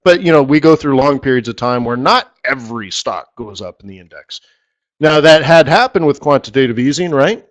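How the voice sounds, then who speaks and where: A man's voice: mid-range voice, expressive, a little fast. A middle-aged man hosting a live forex strategy session, rambling and repeating words for emphasis. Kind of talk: live trading webinar talk.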